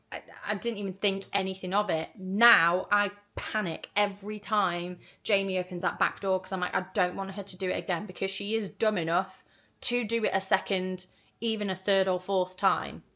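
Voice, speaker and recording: A woman's voice: medium pitch, moderate pace. A woman telling a story to camera in a chatty vlog, full of "like" and acted-out dialogue. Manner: chatty, animated, lots of "like" and quoted dialogue. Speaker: vlogger.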